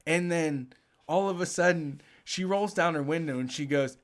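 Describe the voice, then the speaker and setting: A man hosting a casual talk show, telling a story with animated energy and frequent swearing. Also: fairly high pitch, normal speed. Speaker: show host. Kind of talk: casual chat.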